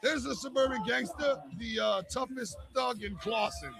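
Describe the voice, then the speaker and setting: A man doing loud, profane comic wrestling play-by-play commentary. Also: very high voice, normal speed, creaky, over loud music.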